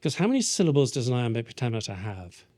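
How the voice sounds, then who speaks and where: Brief: British male teacher running a lively, playful drama workshop with lots of audience questions. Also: mid-range voice, fast. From Britain. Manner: animated, playful, taps out verse rhythms aloud. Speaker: workshop leader.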